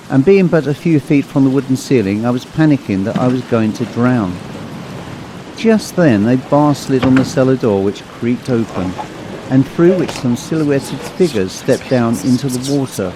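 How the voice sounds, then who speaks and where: A man narrating a ghost story in a measured, ominous storytelling manner. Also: medium pitch, noisy background.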